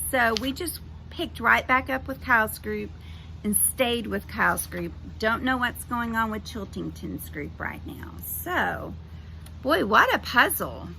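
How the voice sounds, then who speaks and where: A woman's voice: fairly high pitch, vocal fry, bright, forceful tone, slight background noise, low-quality recording. A woman reading a children's novel aloud for a library, friendly and chatty. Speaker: library storytime reader.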